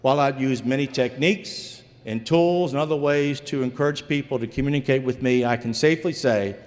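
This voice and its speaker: A man's voice: mid-range voice, brisk, long reverb tail. A man from Virginia, a former investigator, telling a true story live on stage in a folksy way, calling the audience folks.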